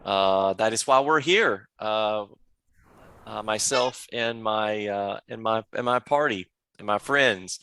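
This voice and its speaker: A man's voice: fairly low pitch, takes it slowly, a bit bright, slight background noise. A man playing an earnest male knight of a nature order, polite and hesitant.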